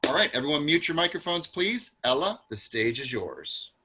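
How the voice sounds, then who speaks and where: A man's voice: on the high side, big pitch swings, moderate pace, sharp tone, a little hiss or hum. A man hosting a live acting class over a video call, encouraging and introducing guests at length. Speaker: acting school host.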